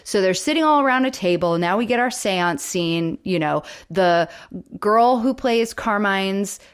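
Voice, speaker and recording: A woman's voice: mid-range voice, expressive, a little slow, smooth. A woman co-hosting a podcast, chatting casually as she retells a sitcom episode with lots of fillers. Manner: chatty, storytelling with many fillers. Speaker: podcast co-host.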